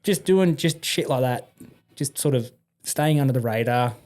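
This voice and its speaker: A man's voice: medium pitch, moderate pace. A middle-aged Australian man, a podcast guest, telling casual stories and acting out the people in them, often laughing. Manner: animated, acts out voices in anecdotes, laughs often. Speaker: podcast guest, army and police veteran. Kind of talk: casual storytelling.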